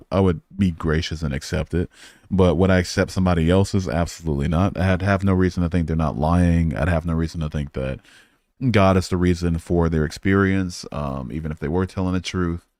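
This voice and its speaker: A man's voice: sits low, fairly quick, darkish tone, dry recording, studio quality. A man hosting a live stream, chatting casually and profanely while reading and answering comments. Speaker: livestream host.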